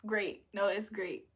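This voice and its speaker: A woman's voice: medium pitch, slightly rough. A woman hosting a livestream, chatting casually with viewers and answering them playfully, laughing often. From United States. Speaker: livestream host. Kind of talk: casual livestream chat reading comments.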